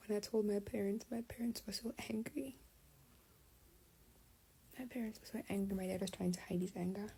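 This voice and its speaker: A woman's voice: mid-range voice, normal speed, vocal fry, long pauses, husky, poor audio. A young adult woman, telling a personal story in casual storytime style, often dropping to a half-whisper. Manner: confiding, animated retelling, often half-whispered.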